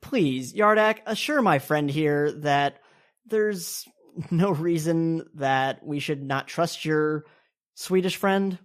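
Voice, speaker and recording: A woman's voice: sits low, slow. A woman voicing a suspicious party guest who presses her accusations in an insistent, pointed way.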